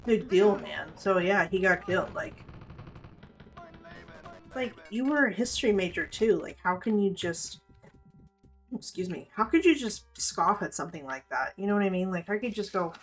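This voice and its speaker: A woman's voice: medium pitch, expressive, moderate pace, long pauses, faint music behind. A woman in her thirties streaming a game, talking in a rambling, profane, candid way as she plays. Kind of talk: casual gameplay commentary.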